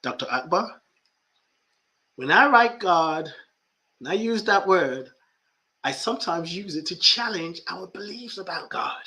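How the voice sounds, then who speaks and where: Slow, bright-voiced man coaching reflectively. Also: sits high, animated. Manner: reflective, repeats phrases for emphasis. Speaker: life coach and podcast host. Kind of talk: spiritual podcast talk.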